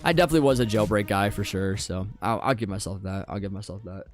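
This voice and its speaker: A man's voice: on the low side, quick pace, faint music behind. Laid-back young man streaming, muttering repeats. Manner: repeats phrases, often drops to quiet mutters. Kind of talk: casual live-stream chat with gameplay commentary.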